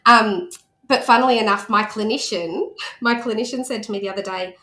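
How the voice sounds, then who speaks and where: A woman's voice: mid-range voice, fairly quick, reverberant. A woman in her thirties, a guest speech pathologist, telling stories in casual podcast chat and acting out the voices of people she quotes. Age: 30s. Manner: animated storytelling, acts out quoted voices.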